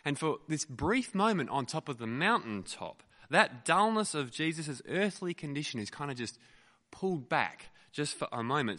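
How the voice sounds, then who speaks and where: A male pastor preaching a sermon, telling stories in an animated way with frequent fillers, in a lecture theatre used as a church. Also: medium pitch, in a large hall. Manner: animated storytelling with many fillers.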